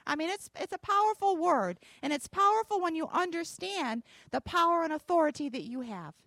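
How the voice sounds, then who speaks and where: Woman pastor, high and very animated voice, folksy storyteller, dry close sound. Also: brisk, no echo. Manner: folksy storytelling with emphatic declarations. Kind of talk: sermon with personal story.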